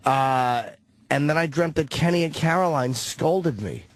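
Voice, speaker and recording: A man's voice: fairly high pitch, measured pace. A man co-hosting a talk radio show, telling rambling, self-mocking stories in crude, casual banter. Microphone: studio broadcast mic.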